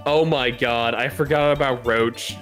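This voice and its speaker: A man's voice: medium pitch, steady tone, measured pace, fairly bright tone, faint music behind. A man who is a guest on a stream, chatting casually in a joking, profane way and retelling comedy bits. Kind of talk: casual chat.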